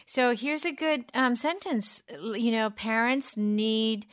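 Middle-aged female host of a casual English lesson, somewhat high voice, patient explainer. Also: slow. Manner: explains patiently, mimics intonation.

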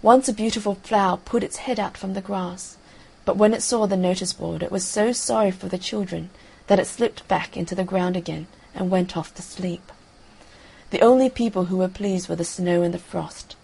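A woman narrating a fairy tale audiobook in a calm, measured storytelling manner. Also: medium pitch, creaky, breathy edge, poor audio.

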